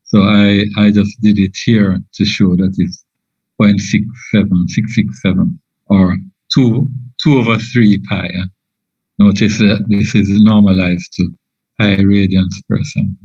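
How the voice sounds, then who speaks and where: A man giving an informal engineering lecture, halting often with fillers and restarts. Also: fairly low pitch, steady tone, a little mellow, slightly rough, no echo. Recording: dull lo-fi dry audio.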